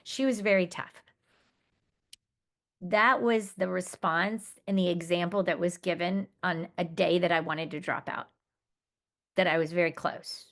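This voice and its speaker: A woman's voice: lowish voice, fairly even intonation, measured pace, pauses often. A woman giving a conference presentation, explaining research findings in an earnest, explanatory way and reading out quoted student words.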